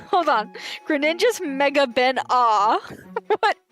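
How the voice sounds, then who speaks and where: A woman's voice: sits high, sing-song, takes it slowly, a bit bright, faint music behind. Giggly Southern woman streamer in her twenties. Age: 20s. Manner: giggly, chatty, talks straight to chat. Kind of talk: casual live-stream chat.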